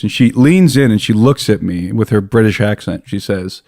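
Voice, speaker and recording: An American man spins a long personal story in an animated, self-interrupting way. His voice sits a little low and sounds dry and close. He talks casually, as a guest on a podcast. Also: normal speed, few pauses, no echo. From United States.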